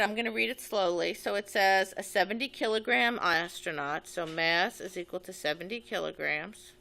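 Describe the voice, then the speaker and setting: A woman whose medium-pitched voice carries a bit of brightness walks through a physics problem step by step. She's methodical, narrating her thinking while she writes and draws.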